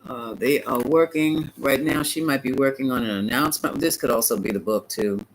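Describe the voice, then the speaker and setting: A man giving a live-stream tarot reading, chatty and animated, talking back to viewers and laughing often. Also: medium pitch, moderate pace, a little hiss or hum, rough recording. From United States. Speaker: tarot reader.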